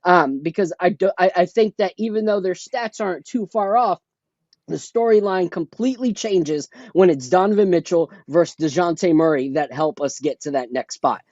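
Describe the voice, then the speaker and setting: A man's voice: high-pitched, normal speed, a little mellow, dry recording. Podcast co-host, male, opinionated and emphatic, lo-fi dull headset sound, dry. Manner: opinionated, emphatic, makes a point at length. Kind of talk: casual sports podcast chat. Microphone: headphones with a remote mic.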